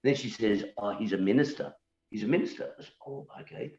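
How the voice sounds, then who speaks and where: Rambling low-voiced man on a video call. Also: fast talker, a little mellow. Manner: rambling, repeats words, keeps asking "you know?"; argues his point and challenges beliefs. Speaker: guest, musician. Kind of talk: casual conversation. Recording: echoey room, dull lo-fi sound.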